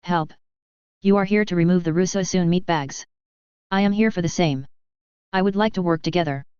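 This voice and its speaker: Lady doing a stiff masked young woman, stilted halting words, lowish voice, dry muffled sound. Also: a little mellow, smooth, no room sound, natural voice. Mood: calm, measured. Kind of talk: audiobook reading of fan fiction.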